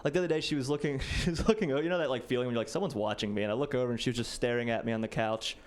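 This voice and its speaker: A man's voice: medium pitch, fairly even intonation, rapid-fire, clean tone. A man in his late twenties doing a casual, self-deprecating stand-up set, peppered with "like.". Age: late 20s. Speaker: stand-up comedian. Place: stage before a live audience.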